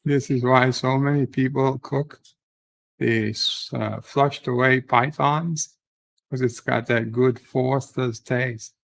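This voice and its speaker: A man's voice: mid-range voice, steady tone, slow, vocal fry, a bit bright, low-quality recording. A man doing a cheeky Aussie waiter. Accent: put-on Australian.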